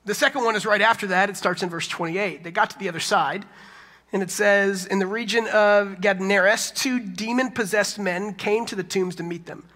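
A high, bright male voice delivers a lively sermon, jumping into acted quotes and casual asides. Long reverb hangs after each phrase, as in a large hall. He sounds like a pastor in his thirties. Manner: animated preaching with quick asides and acted quotes.

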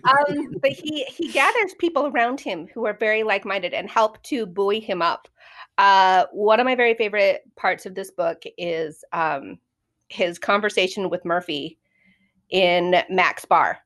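A woman's voice: mid-range voice, measured pace, a bit bright. A woman co-hosting a casual book-discussion podcast, talking animatedly and acting out quotes, with frequent fillers. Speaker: podcast co-host. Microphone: remote call mic.

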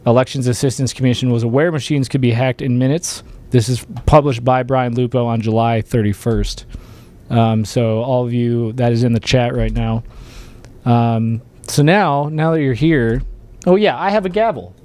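A man's voice: mid-range voice, steady tone, normal speed, darkish tone. Male livestream host, emphatic and rallying, fired up, casual delivery. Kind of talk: casual political livestream talk.

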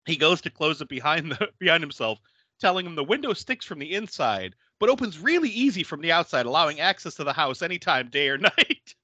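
This podcast host is a man with a fairly high voice who talks briskly over a dry, echo-free recording. On his casual movie recap show he tells animated stories, laughs a lot, and curses without holding back.

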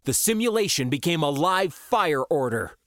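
A man reading his own science fiction story aloud in the first person, with expressive, dramatic delivery. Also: on the high side, moderate pace, no echo, studio quality. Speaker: author and narrator. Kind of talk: first-person audiobook narration.

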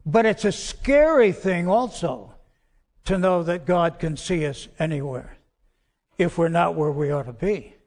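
A pastor with a high voice delivers his sermon at a slow, deliberate pace. He leans hard on some words and lets others fall to a hush. The church hall gives his voice a long, ringing reverb. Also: lively intonation. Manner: slow, emphatic preaching that drops soft and quiet on key words. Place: church sanctuary.

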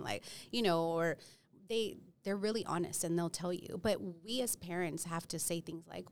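Animated woman therapist, lively storyteller. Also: lowish voice, a little hiss or hum. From United States. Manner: animated, acts out parents and kids in quick voices; casual with fillers, mixes Spanish words. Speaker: therapist guest. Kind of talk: podcast interview.

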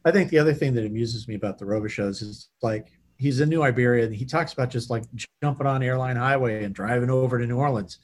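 A man's voice: mid-range voice, fast talker, hardly any pauses. A middle-aged man chatting casually on a podcast, joking and laughing, often trailing off. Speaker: podcast co-host. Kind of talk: casual chat.

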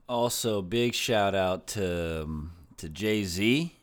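A man's voice: low voice, takes it slowly, few pauses. A man hosting a podcast, reading news stories aloud and then riffing on them casually with slang and swearing. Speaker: podcast host.

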